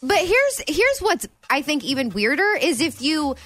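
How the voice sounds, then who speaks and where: A woman's voice: high voice, sing-song, a little slow, a bit bright, faint music behind. A woman co-hosting a radio show, telling stories in a chatty, giggly way. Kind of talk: casual radio banter.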